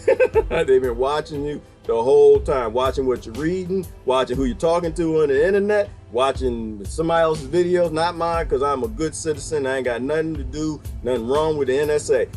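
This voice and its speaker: Rambling, wry man with music behind. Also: a little high. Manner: rambling, laughs often, wry. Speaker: video host. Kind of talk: casual monologue to camera.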